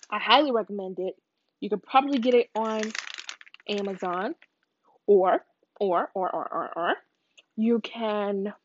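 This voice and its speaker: Young woman, casual cooking chat, slightly high voice, dull lo-fi sound. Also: a little hiss or hum. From southern United States. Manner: chatty, rambling, playful asides. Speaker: cooking vlogger.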